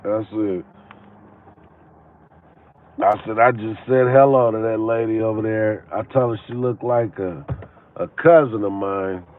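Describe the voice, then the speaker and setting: Slow-talking man telling stories from his car. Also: fairly low pitch, steady tone, phone-quality sound. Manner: rambling, with many fillers and restarts; acts out quoted people with a lifted voice. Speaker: vlogger. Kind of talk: casual storytelling. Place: in and around a parked car.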